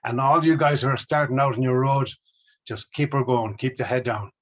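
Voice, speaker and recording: A man's voice: medium pitch, a little fast. A middle-aged Irish man, a musician guest, telling stories about his career with enthusiasm. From Ireland. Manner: enthusiastic, storytelling. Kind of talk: casual interview chat. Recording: dull lo-fi audio.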